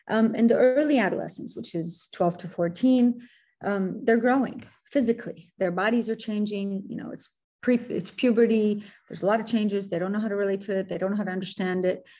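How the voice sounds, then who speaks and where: Earnest woman speaker with a mellow voice. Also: mid-range voice. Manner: earnest, repeats and corrects herself, mixes in Arabic phrases. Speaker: workshop speaker. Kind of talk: webinar presentation to parents.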